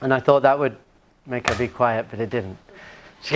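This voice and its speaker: A man's voice: mid-range voice, normal speed, a little hiss or hum. A male rabbi teaching a class, telling humorous family stories and putting questions to his audience. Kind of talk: lecture with personal anecdotes.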